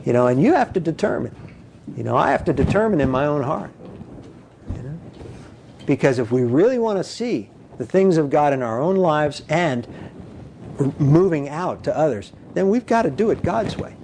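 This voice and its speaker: A man preaching a conversational sermon, animated and full of "you know", acting out quoted voices. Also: normal speed, gravelly, slight background noise. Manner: animated, acts out quoted voices with big pitch jumps.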